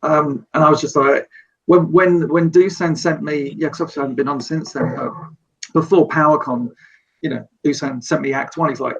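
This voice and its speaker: A man's voice: a little high, fairly even intonation, fairly quick, a bit bright, slightly rough. A man, a guest on a podcast, talking eagerly about a project he storyboarded, rambling with many restarts. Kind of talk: casual podcast chat. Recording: distant, dull lo-fi remote mic.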